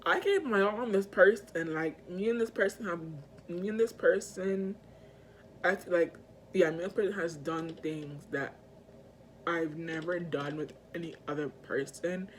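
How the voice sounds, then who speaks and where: This personal video update comes from a woman vlogger, self-filmed on her camera mic, speaking at normal speed in a fairly low voice over slight background noise. Her talk is earnest and emotional, halting and rambling, full of fillers and false starts.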